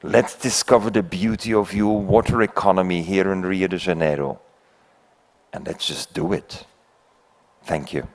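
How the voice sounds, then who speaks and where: In a conference hall with a noisy background, an older Belgian keynote speaker, not an English speaker, tells a fable and puts rhetorical questions to listeners. He speaks in a low, steady voice at a moderate pace.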